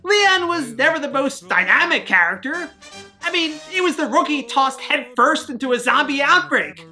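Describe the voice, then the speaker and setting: A woman's voice: high voice, lively intonation, moderate pace, sharp tone, faint music behind. A woman hosting a scripted video game review, wry and sarcastic in her jokes.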